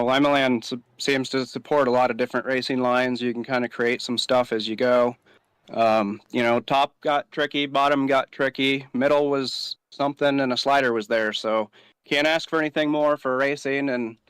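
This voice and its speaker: A man's voice: mid-range voice, steady tone, moderate pace, a bit bright, smooth, dry recording. A man giving a post-race interview as a driver, speaking in a casual, rambling way with many fillers.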